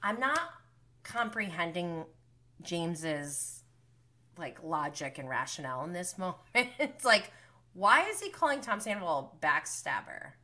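Bright, lively gossiping woman. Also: fairly low pitch, a little slow. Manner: gossipy, laughs often, swears, acts out quotes. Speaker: recap host. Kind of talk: casual reality TV recap livestream.

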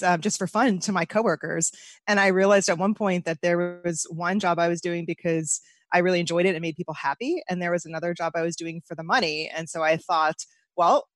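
A woman's voice: fairly low pitch, dry recording. Chatty woman bakery owner, dry sound. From United States. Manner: chatty, laughs easily. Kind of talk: casual interview.

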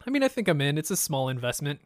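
A man's voice: on the high side, big pitch swings, fast, a little hiss or hum. A man co-hosting a podcast in casual chat, laughing often and agreeing readily. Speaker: podcast co-host.

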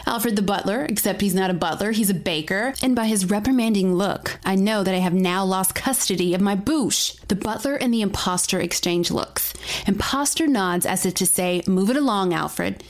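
A woman reads a first-person story aloud, dramatic and playful in her delivery. Her pitch sits in the middle, neither high nor low. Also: normal speed.

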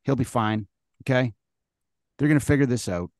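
A man co-hosting a casual sports talk show, speaking close to the mic in a dead, dry room. He rants bluntly and emphatically, swearing freely, at a middle pitch. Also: lively intonation, moderate pace, no room sound. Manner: blunt, emphatic, profane ranting. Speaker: sports podcast co-host.

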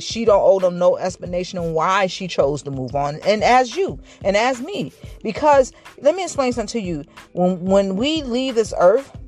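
A vlogger giving a casual, reflective motivational talk to viewers, rambling with frequent restarts and a slight stutter. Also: mid-range voice. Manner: says they stuttered in school.

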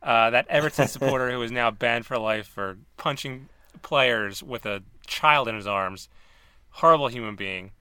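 Male host, bright edgy voice, dry close sound, deadpan humor. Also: mid-range voice, normal speed, clean tone, no echo. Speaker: podcast host. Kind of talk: casual chat.

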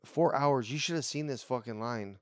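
A man's voice: mid-range voice, normal speed, dry recording, studio quality. A man in a casual podcast chat, telling a story in a laid-back, profane way.

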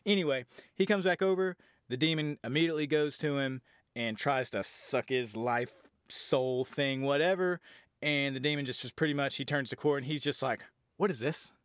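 A man's voice: mid-range voice, normal speed, fairly bright tone, smooth, no room sound, studio quality. Casual, rambling male film reviewer. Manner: rambling, profane, conversational. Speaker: podcast movie reviewer.

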